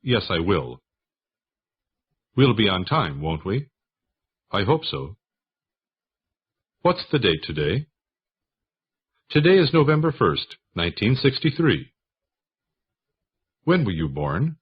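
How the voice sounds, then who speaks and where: A man slowly reading English practice sentences aloud for learners, one question and answer at a time, in a husky voice. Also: on the low side, sing-song, lo-fi sound. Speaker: English lesson reader. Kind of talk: slow scripted sentence reading.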